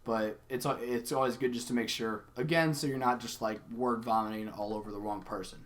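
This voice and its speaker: A man's voice: medium pitch, steady tone, a little fast. A young adult man giving a casual, conversational sales lesson, acting out sample phone lines as he explains them. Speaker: sales coach. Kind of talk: casual instructional talk.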